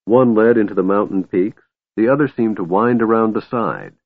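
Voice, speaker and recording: A man reading a fantasy audiobook as an expressive storyteller, on a tinny, dry recording. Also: fairly low pitch, normal speed, dry recording. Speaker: audiobook narrator. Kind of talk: scripted audiobook narration.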